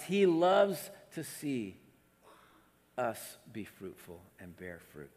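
A man preaching a sermon with animated delivery, at times dropping to soft, hushed tones. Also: mid-range voice, slow. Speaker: pastor. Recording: long hall reverb.

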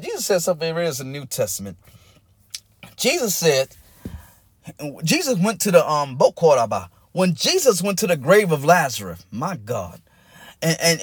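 A man's voice: fairly high pitch, breathy edge, no echo. A man preaching a sermon, building in rising, intense cadences and breaking into bursts of tongues.

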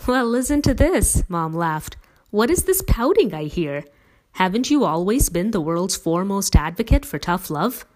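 A woman voicing a devoted middle-aged mother who speaks emphatically and persuasively, with gentle teasing. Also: fairly low pitch, big pitch swings, moderate pace.

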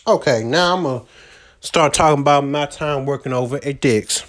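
A man of ordinary pitch tells a long, meandering story in loose slang, swearing freely and stacking up fillers as he goes. He records without a proper microphone. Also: normal speed, a bit bright. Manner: profane, loose slangy talk with many fillers. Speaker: vlogger recounting his job search. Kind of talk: casual rambling storytelling.

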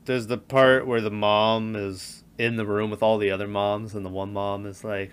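A man's voice: fairly low pitch, normal speed, hardly any pauses, clean tone. A man in casual podcast chat about horror films, telling stories animatedly and acting out the lines he quotes. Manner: animated storyteller, acts out quotes with laughs.

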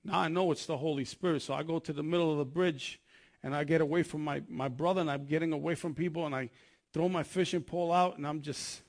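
A man's voice: fairly high pitch, fairly even intonation, fast. A man preaching a sermon, telling his testimony in an earnest, conversational way and often restarting his sentences.

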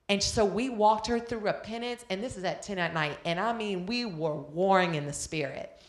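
A woman's voice: medium pitch, normal speed. A middle-aged woman preaching a sermon, telling stories earnestly and reading scripture aloud. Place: event hall. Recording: echoey hall.

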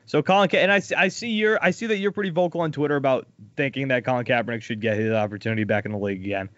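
A man co-hosting a casual sports podcast, bluntly recapping the week's football scores with lively opinions. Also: mid-range voice, very fast, dry recording, muffled recording. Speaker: podcast co-host.

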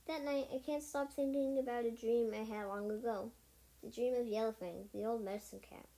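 A woman's voice: on the high side, steady tone, brisk, dark tone, lightly acted. A woman voicing a proud, worried she-cat warrior in a first-person storybook reading, with small slips as she reads.

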